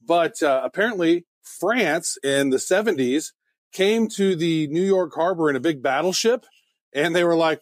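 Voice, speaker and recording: Homme blagueur à la voix assez aiguë. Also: male voice, a little high, moderate pace, no room sound, studio quality. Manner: jokey, playful. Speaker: podcast co-host. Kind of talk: casual podcast chat.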